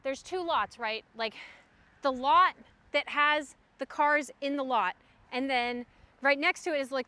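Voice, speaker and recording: A young woman livestreamer telling a story in casual chat, animated and full of fillers. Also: high voice, no echo. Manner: chatty, animated, frequent "like" fillers.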